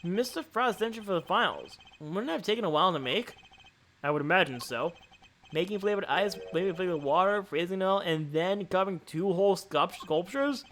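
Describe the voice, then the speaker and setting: A man's voice: high-pitched, a little fast, a bit bright, slight background noise. A man voicing Eddie, a timid young male chef apprentice, reading game dialogue aloud in a hesitant, wondering way.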